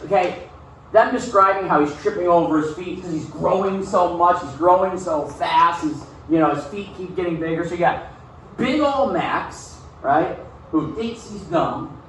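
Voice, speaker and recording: Here a male teacher reads aloud from a novel and follows with a casual class discussion, peppered with "okay?" check-ins. His voice sits high and a bit bright; the recording has a little hiss or hum, very echoey room sound, and a distant mic.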